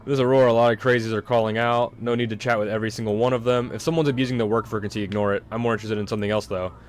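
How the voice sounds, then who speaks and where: A man's voice: fairly low pitch, fairly even intonation, rapid-fire, a little hiss or hum, lightly acted. A man playing a smug bossy harbor chief. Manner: mocking, lecturing.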